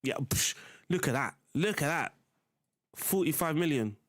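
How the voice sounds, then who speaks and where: Young male streamer, casual running chat to viewers, lively pitch. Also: unhurried. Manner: chatty, talks to chat while playing. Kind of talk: casual live-stream commentary.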